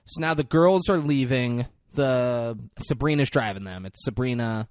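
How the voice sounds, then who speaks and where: A man's voice: a little slow, no echo, clean studio sound. A man co-hosting a podcast, casually recapping a film scene by scene, swearing freely and acting out the characters' lines. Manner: retells scenes acting out characters' lines with big swings in pitch and loudness. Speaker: podcast co-host. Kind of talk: casual movie recap chat.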